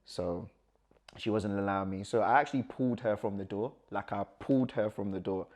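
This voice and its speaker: Young man, animated storytelling. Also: lowish voice, fairly quick. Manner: animated, acts out quoted dialogue, nervous laughs. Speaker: guest. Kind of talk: personal storytelling.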